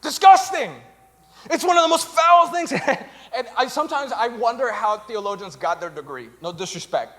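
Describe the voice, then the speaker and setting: A man's voice: very high voice, brisk, hardly any pauses. A young man preaching a comedic sermon, telling stories animatedly and acting out other people's voices. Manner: animated storytelling with acted-out voices. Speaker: pastor. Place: church stage.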